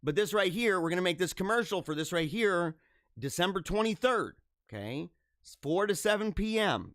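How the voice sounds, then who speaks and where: A man hosting a live show with children at school, chatting in an excitable, rambling way, often laughing and repeating himself. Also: high voice, no room sound, studio quality. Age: adult with school-age children. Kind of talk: casual live-stream chat.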